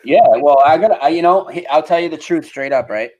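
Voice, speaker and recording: A man with a Boston accent, a guest and radio host, chatting casually on a podcast, loud and excitable and swearing freely. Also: fairly high pitch, a little fast, dull audio.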